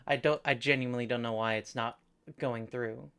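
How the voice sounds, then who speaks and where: A woman's voice: extremely low pitch, steady tone, moderate pace, fairly bright tone, smooth. A young woman streaming a game, chatting casually in a playful, jokingly whiny way. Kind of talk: casual live-stream chat.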